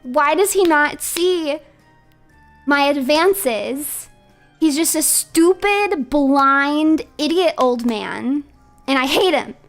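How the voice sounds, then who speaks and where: Fiery, scolding young woman, as a woman streamer puts her on; high voice. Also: expressive, slow, faint music behind, heavily acted. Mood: exasperated. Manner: exasperated, scolding.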